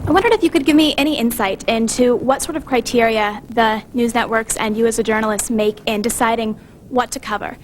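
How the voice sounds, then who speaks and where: A young woman from the audience asking a question in a quick, formal way. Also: on the high side, a little hiss or hum, low-quality recording. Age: young adult.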